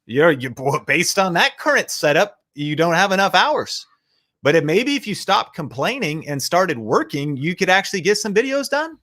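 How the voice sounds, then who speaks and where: A man's voice: high-pitched, very animated, normal speed, sharp tone. A man hosting a motivational live show, talking in a punchy, fired-up, slangy way. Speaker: show host. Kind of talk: motivational livestream talk.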